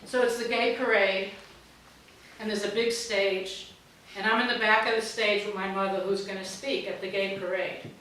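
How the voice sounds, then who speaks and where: A woman in her sixties from New York, telling stand-up stories in a blunt, deadpan way and swearing freely. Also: mid-range voice. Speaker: stand-up comedian. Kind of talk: stand-up storytelling. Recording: very echoey hall, distant mic, faint noise.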